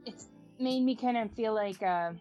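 A woman co-host from the American Midwest in casual chat, giggly and halting, searching for her words. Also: on the high side, mellow, highs cut off, soft background music.

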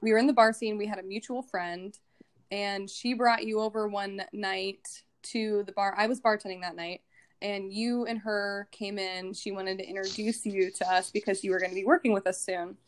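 A woman's voice: mid-range voice, fairly even intonation, moderate pace. A woman in her thirties from the American Midwest, co-hosting a casual podcast, chatty and full of fillers and laughs. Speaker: podcast co-host. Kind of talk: casual chat.

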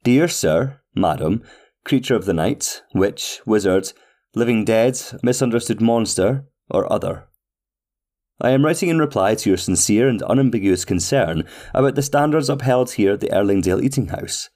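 A man's voice: fairly low pitch, animated, moderate pace, a little mellow. A man voicing a pompous male restaurant manager who reads out a formal, flowery, overly polite letter. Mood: courteous. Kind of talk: scripted reading of a letter.

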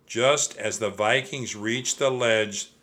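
A man reads a children's adventure story aloud at a slow, deliberate pace. His voice is bright and expressive, and he speaks straight to the kids listening. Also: on the low side. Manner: expressive, addresses kids directly. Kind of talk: reading a children's book aloud.

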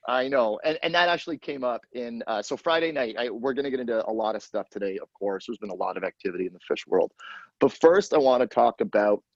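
A man hosting a podcast in casual chat, telling stories with excitable energy. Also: mid-range voice, fast, creaky, no room sound. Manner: animated storyteller, excitable. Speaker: podcast host. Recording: dull, lo-fi dry sound.

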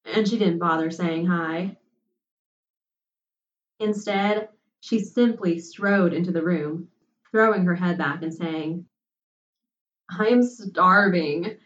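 A woman narrating a story in an even, measured audiobook style. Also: on the low side, roomy sound. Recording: distant, muffled recording.

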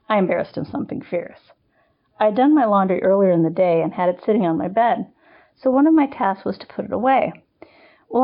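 A woman's voice: mid-range voice, highs cut off. A woman podcast host reading a first-person story aloud in a conversational, wry storytelling manner.

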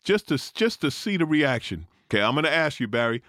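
A man's voice: fairly high pitch, a little fast, no room sound, clean studio sound. A man co-hosting a talk show, riffing with teasing, comic opinions and exaggerated storytelling. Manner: animated, teasing, comic storyteller who riffs and mocks. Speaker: radio show co-host.

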